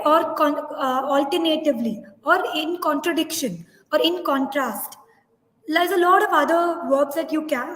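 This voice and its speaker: A woman with a high voice leads a teachers' webinar online, walking through answers step by step and correcting herself as she talks. Her voice carries a long reverb in an echoey room. She talks into a computer mic. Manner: explanatory, reads out poll results, self-corrects.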